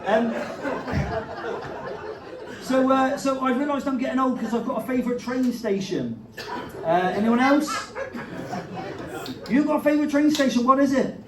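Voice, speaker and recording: High-voiced cheeky stand-up comic. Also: male voice, moderate pace, pauses often. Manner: chatty, cheeky and swearing, teasing the crowd. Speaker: comedian and compere. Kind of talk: stand-up comedy and crowd banter. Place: village hall, live gig. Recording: echoey hall, distant mic, crowd laughter.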